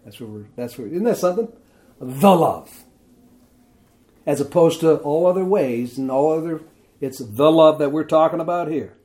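A man gives a sermon in a mellow, warm voice that sits a little high for a man. He talks to his listeners casually and reads scripture aloud with emphasis, and he checks in with them again and again by asking whether they see it. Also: fairly quick. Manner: conversational, asks "see?" and "isn't that something?". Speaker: pastor.

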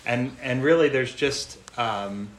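A man's voice: medium pitch, slow pace. Earnest preacher man in echoey room. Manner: gentle, earnest, repeats phrases for emphasis. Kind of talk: sermon. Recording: echoey room, faint noise.

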